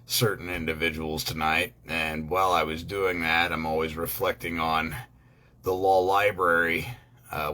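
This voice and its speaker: Deep-voiced man, rambling casual talk. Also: pushed and bright. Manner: rambling, frequent ums and uhs; blunt, casual swearing. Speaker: online law educator.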